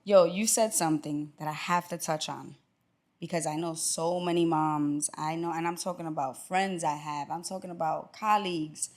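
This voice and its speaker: A woman's voice: sits low, steady tone. Earnest emphatic woman guest. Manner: earnest and emphatic, quick reactions. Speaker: podcast guest. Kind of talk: casual chat.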